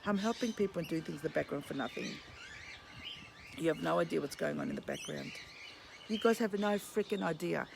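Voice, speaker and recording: A woman's voice: low-pitched, sing-song, fairly quick, creaky, noisy background. An Australian woman ranting in a vlog monologue, fired up and swearing, at home among her pet birds. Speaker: vlogger and empathy counsellor. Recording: loud birdsong chirping behind. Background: chirping birds.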